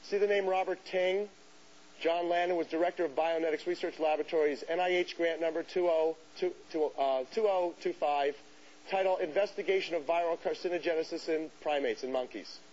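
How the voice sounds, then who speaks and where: A man giving a lecture to an audience, telling a story in an animated way and acting out the voices of people he quotes. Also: a little high, brisk. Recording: dull hissy lecture recording.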